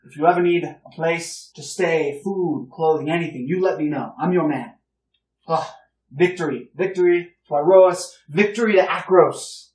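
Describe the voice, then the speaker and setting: A man voicing a boastful older nobleman who gushes praise in a loud, effusive, condescending way. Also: on the high side, normal speed, voice pushed up, natural voice. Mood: gushing. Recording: roomy, distant mic.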